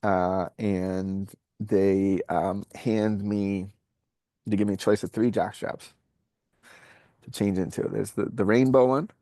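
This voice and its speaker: A man with a New York accent, a podcast guest telling a personal story in a candid, animated way, acting out what people said. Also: lowish voice, slow, no echo, studio quality. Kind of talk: casual storytelling.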